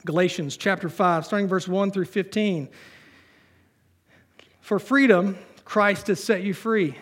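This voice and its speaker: A man's voice: sits high, measured pace, long pauses. A man preaching a sermon in a church. He reads scripture aloud and mixes in casual, joking asides. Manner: conversational preaching with humor, reading scripture aloud. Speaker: pastor.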